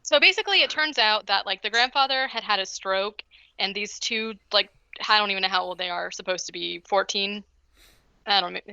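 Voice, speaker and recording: Bright rambling woman podcaster. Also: mid-range voice, a little fast, gravelly, clean tone, no room sound, highs cut off. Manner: rambling, heavy use of "like". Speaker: podcast co-host. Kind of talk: casual chat, retelling a movie plot.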